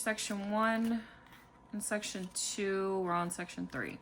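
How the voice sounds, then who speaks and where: A woman hosting a casual budgeting vlog, calmly narrating as she counts out cash and fills savings challenges. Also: medium pitch, slight background noise. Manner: calm, unhurried, counting money aloud. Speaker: budgeting channel host.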